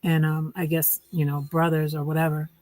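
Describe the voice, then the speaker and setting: A woman's voice: sits low, little pitch movement, fairly quick, a little mellow, no room sound, rough recording. A woman vlogging from her tiny house, telling a casual story in a rambling way with wry, sarcastic humor. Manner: rambling, restarts often, with many fillers.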